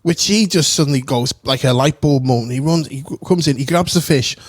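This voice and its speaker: A man as a podcast guest telling an anecdote in an animated, profane, laughing manner. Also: mid-range voice, a little fast, breathy edge, no room sound, studio quality. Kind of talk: casual storytelling.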